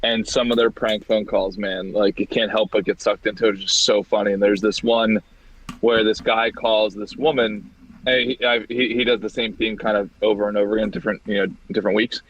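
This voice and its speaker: A young man co-hosting a podcast in casual chat, telling stories in an animated, easily amused way. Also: on the low side, a little fast, a little hiss or hum. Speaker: podcast co-host. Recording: dull, dry sound.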